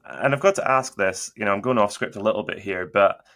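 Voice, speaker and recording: A man conducting a relaxed interview, asking long questions padded with "kind of" and "you know". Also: on the low side, brisk. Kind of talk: conversational interview.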